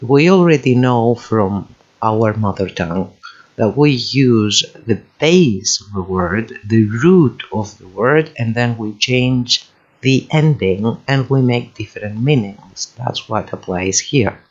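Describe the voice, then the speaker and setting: Slow, patient male language teacher. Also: on the low side, expressive. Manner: slow, patient, enunciates words for repetition. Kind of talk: recorded slide lesson voice-over. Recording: dull lo-fi voice-over.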